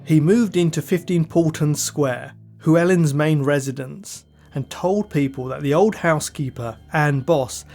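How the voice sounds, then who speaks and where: Man, true crime podcast host, measured dry storytelling, slightly raised pitch, faint music beneath. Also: a little mellow. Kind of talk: scripted true crime narration.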